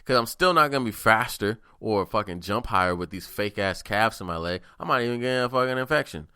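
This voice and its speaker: A man's voice: lowish voice, lively intonation, a little fast, bright, forceful tone, clean tone, no echo, studio quality. A man hosting a podcast, telling stories in a rambling, profane, casual monologue. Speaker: podcast host.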